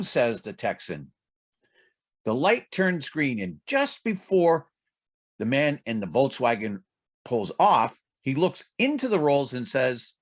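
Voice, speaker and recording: A man telling a joke at a speaking club, narrating with lively delivery and small restarts. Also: mid-range voice, unhurried. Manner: animated storytelling with small restarts.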